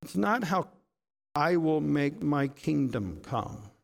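Male preacher, sermon, fairly high voice, gravelly, dramatic, rhetorical. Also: sing-song, slow. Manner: dramatic, rhetorical questions, swings between loud bursts and hushed asides.

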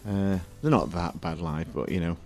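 A man's voice: sits low, steady tone, moderate pace, darkish tone. A man co-hosting a music radio show, chatting casually and rambling with jokes. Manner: jokey, rambling, laughs often. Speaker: radio co-host. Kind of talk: casual chat between music plays.

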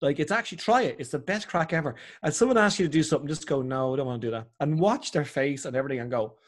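A middle-aged Irish man chatting as a podcast guest, telling animated stories and acting out other people's voices. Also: fairly high pitch, rapid-fire. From Ireland. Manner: animated storyteller, acts out voices. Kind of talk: casual chat.

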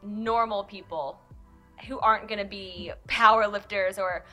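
A woman's voice: mid-range voice, fairly even intonation, measured pace, sharp tone, soft background music. A woman hosting a casual podcast, asking coaches questions. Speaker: podcast host. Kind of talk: casual interview chat.

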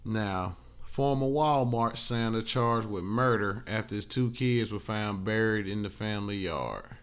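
A young man talks alone into his podcast mic, blunt and heavy on profanity as he rants through the week's topics. His voice sits low and comes across smooth and clear. He sounds a little tired, yawning between points after a flight. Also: measured pace, fairly bright tone. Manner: blunt, profane, conversational ranting. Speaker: podcast host. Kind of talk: solo podcast commentary.

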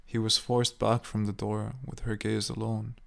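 Gravelly low male horror narrator. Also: completely flat delivery, moderate pace.

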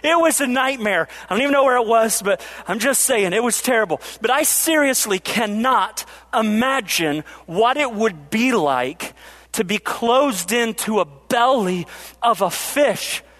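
A man preaching a sermon, asking the congregation rhetorical questions and slowing down to stress key lines. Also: very high voice, lively intonation, fairly bright tone. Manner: preaching with rhetorical questions, varying pace for emphasis. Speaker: pastor.

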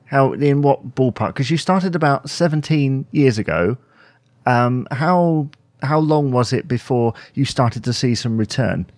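A male podcast host asks polite, measured questions in a mid-pitched voice. He pauses and hesitates a little. The recording is dry and close. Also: expressive, a little mellow, no room sound. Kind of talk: interview questions.

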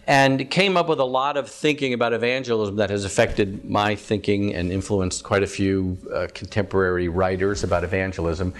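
Chatty male campus minister teaching. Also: lowish voice. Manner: chatty, asks the audience questions, frequent ums. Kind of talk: conversational teaching talk to a live audience.

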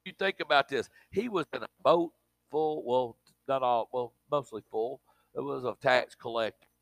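A man's voice: mid-range voice, normal speed, vocal fry, no echo. A man preaching a sermon, emphatic and speaking in a colloquial way to his congregation.

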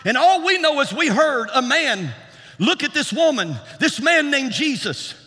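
A man preaching a sermon in a rhythmic style that climbs to shouts and repeats words for emphasis. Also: very high-pitched, sing-song, a little slow. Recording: long hall reverb.

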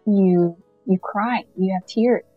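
A woman from Canada, a podcast guest telling a lively story with frequent laughter and acted-out dialogue. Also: mid-range voice, slow, no echo. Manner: animated, laughs often, acts out dialogue. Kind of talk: casual anecdote telling. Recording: muffled lo-fi, faint music.

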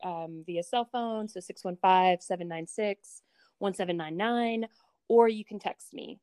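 A woman's voice: medium pitch, measured pace, mellow, clear, resonant tone, dry recording. A woman chatting casually as a podcast guest, upbeat and laughing easily. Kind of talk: casual interview chat.

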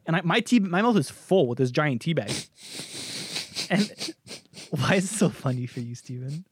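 A young man co-hosts a comedic podcast and tells an anecdote with big swings in pitch and frequent laughter. His voice sits a bit high for a man. The sound is close and dry. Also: moderate pace, slightly rough, no room sound. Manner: animated storyteller, laughs often. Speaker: podcast co-host. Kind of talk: casual comedic chat.

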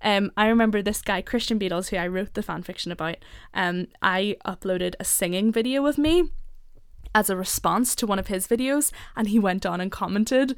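A young woman with a Northern Irish accent that drifts a little American, chatting on a podcast with quick asides and frequent laughs. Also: medium pitch, clean tone, dry recording, clean studio sound. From Northern Ireland. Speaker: podcast co-host. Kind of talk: casual podcast chat.

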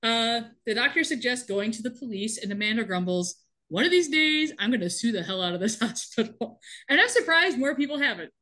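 A woman in casual chat, recapping a TV episode with lively, laughing delivery and quick acted-out lines. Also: on the high side. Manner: animated, laughing often, acts out characters' lines. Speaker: podcast co-host recapping a TV episode.

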